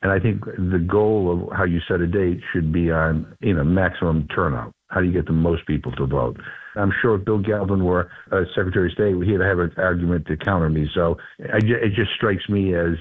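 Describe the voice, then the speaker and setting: A man's voice: deep voice, brisk. A congressman as a radio guest, talking earnestly and emphatically with many restarts, heard over the phone. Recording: tinny phone line.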